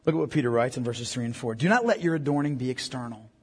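A man's voice: mid-range voice, lively intonation, fast talker, husky. A middle-aged male pastor preaching a sermon to a congregation, mixing scripture with joking asides. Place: church hall. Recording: long hall reverb.

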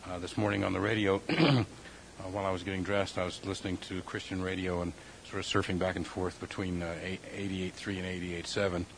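A man sharing a praise with his church group, folksy, clearing his throat now and then. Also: low voice, level tone, brisk, a little hiss or hum, rough recording.

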